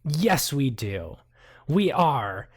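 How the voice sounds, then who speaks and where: A man narrating a tabletop game as game master, hesitant and full of pauses but animated. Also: mid-range voice.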